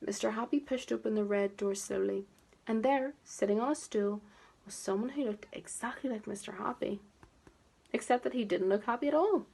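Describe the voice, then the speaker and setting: A woman teacher reading a picture book aloud to toddlers, expressive and gently coaxing. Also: medium pitch, normal speed, gravelly, breathy edge. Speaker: preschool teacher.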